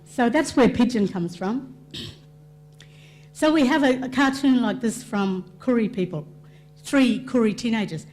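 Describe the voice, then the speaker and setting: A woman presenting a cultural awareness session, explaining terms and concepts to an audience with quick asides. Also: a little high, a little mellow, a little hiss or hum.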